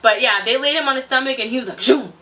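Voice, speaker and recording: A woman's voice: high-pitched, racing, sharp tone. A young adult woman vlogger telling her story in an effusive, chatty way, full of exclamations. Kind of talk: casual storytelling to camera. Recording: voice distant from the mic.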